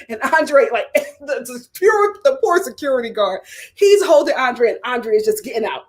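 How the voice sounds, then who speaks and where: Lively high-voiced woman recapping reality TV. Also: moderate pace. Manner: animated storytelling with acted quotes and laughter. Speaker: reality TV review host. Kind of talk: casual recap commentary.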